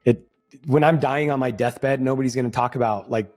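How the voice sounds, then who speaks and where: A man's voice: mid-range voice, steady tone, brisk, a little mellow, faint music behind. A middle-aged man co-hosting a podcast, talking in a rambling, heartfelt way and swearing casually. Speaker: podcast co-host. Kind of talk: casual chat.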